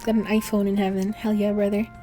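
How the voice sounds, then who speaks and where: This VTuber streamer speaks fast in a warm, level, medium-pitched voice, with soft background music. Her casual livestream chat rambles along with frequent profanity and laughs.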